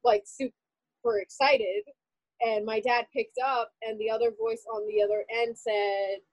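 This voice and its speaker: Woman, high voice, dry close sound, animated storytelling, lots of "like". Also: a little slow, no echo, low-quality recording. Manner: animated, heavy use of "like" fillers. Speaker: interviewee. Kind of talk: emotional personal storytelling.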